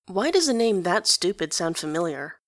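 A woman's voice: on the low side, sing-song, normal speed, no echo. A woman voicing a blunt, nosy twelve-year-old boy who fires off brash, teasing questions in a storybook reading. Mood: cheeky.

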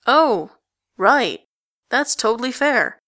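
A woman's voice: on the high side, sing-song, slow, sharp tone, pitched above the performer's own voice, exaggerated voice. A woman voicing a wry, anxious teenage boy who deflects with sardonic remarks in a storybook reading. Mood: forced breezy.

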